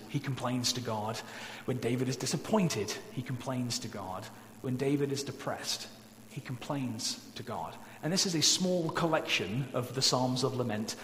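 A man's voice: medium pitch, a bit bright. A male pastor preaching in a church sanctuary, earnest and pleading. His voice rings with a long echo through the hall, and a faint hum sits underneath. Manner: earnest, pleading, slows down to stress key points. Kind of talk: sermon.

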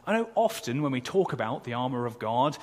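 A man's voice: medium pitch, big pitch swings, brisk, darkish tone. A man preaching a sermon, earnest and conversational, asking the congregation along. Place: church. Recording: long hall reverb.

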